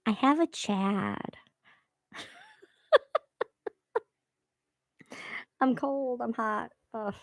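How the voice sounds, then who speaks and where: Lively rambling woman streamer. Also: fairly high pitch, very slow, pauses often, no room sound. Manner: rambling, swears freely. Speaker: livestream host. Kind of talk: casual livestream chat.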